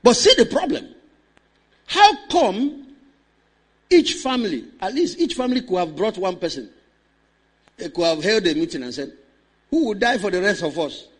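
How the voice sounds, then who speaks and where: A man preaching a sermon, swinging between loud, impassioned declaration and hushed storytelling, and calling on the congregation to respond. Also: high voice, big pitch swings, normal speed, pauses often, husky.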